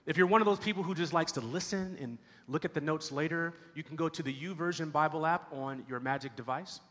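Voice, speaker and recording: A man's voice: fairly high pitch, a little fast, fairly bright tone, long reverb tail. A man preaching a sermon as pastor, telling a story and doing voices for its characters. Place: church sanctuary.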